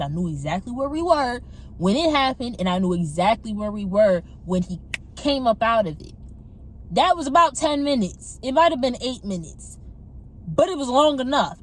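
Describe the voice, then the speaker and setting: A young woman casually telling her personal testimony to her viewers on a phone camera, animated and talking straight to them. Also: on the high side, slight background noise. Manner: animated, addresses viewers as y'all. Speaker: testimony vlogger.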